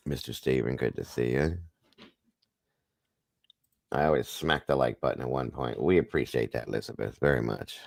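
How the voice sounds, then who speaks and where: A man's voice: extremely low pitch, normal speed, gravelly, long pauses, no echo. A man co-hosting a casual morning livestream, chatty and joking as he greets viewers by name. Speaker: livestream co-host.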